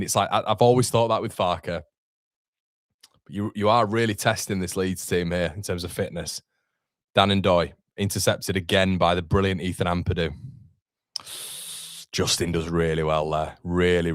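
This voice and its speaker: A young man hosting a live football watchalong, excitable and sweary, chatting to his viewers. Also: sits low, dry recording, clean studio sound. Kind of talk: live match reaction.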